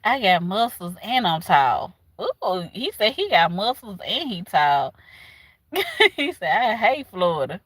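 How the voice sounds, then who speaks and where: A woman with a Southern US accent chatting casually with her livestream viewers, animated and laughing often. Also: mid-range voice, unhurried, dry recording. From southern United States. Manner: animated, laughs often, talks back to chat. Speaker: livestream host.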